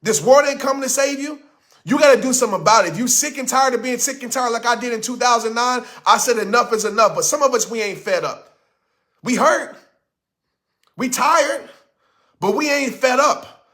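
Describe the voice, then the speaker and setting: A man's voice: very high voice, moderate pace, pushed and bright. A man giving a blunt, impassioned motivational talk. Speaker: motivational speaker.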